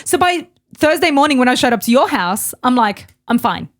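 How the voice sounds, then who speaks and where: A woman's voice: high voice, lively intonation, a little fast. A woman from Yugoslavia in her thirties, co-hosting a podcast in a candid, rambling, casual chat and swearing freely. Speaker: podcast co-host.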